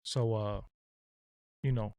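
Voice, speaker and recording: A man's voice: on the low side, steady tone, slow, mellow, dry recording, clean studio sound. A man hosting his own livestream, ranting bluntly and casually with profanity and lots of fillers. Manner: blunt, profane, streetwise, rambling. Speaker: channel host.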